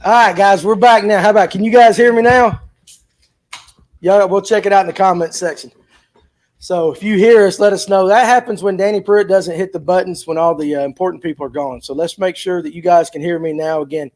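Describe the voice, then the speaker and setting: A man hosting a laid-back fishing talk show, with a voice that sits high for a man. He jokes through his introductions and fumbles with the setup. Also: fairly quick, darkish tone. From Georgia, USA. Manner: loose, joking, fumbling through technical hiccups. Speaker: podcast host. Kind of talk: casual chat.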